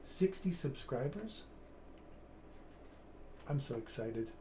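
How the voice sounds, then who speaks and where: A man's voice: medium pitch, animated, slow, warm tone, roomy sound, a little hiss or hum. A man in his fifties hosting a live trading stream, chatting in an upbeat way and reading viewer comments aloud. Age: 50s. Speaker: trading livestream host.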